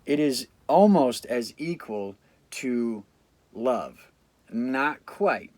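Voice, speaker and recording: A man's voice: mid-range voice, lively intonation, very slow, a little mellow, dry recording. A man in a casual video talking to camera, blunt, reflective and full of swearing, tired after staying up without sleep. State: fatigued after a sleep deprivation study. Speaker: vlogger.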